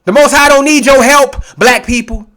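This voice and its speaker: A preacher gives a street-style sermon in a high, bright voice at a moderate pace. Between readings of scripture, he curses freely, mocks his critics, and stays blunt and confrontational.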